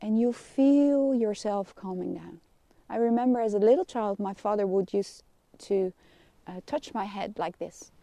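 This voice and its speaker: A middle-aged woman with a Dutch accent, a kinesiologist giving a gentle, soothing live lesson and laughing softly now and then. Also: medium pitch, measured pace, no room sound. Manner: gentle, soothing guidance with frequent soft laughs. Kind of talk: live-streamed wellness lesson.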